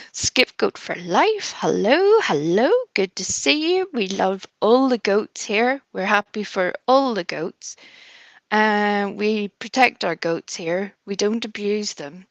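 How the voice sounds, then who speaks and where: A woman's voice: a little high, no room sound. A woman hosting a livestream, greeting viewers by name in a chatty, giggly, affectionate way. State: a bit nervous. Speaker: livestream host. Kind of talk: casual chat greeting viewers.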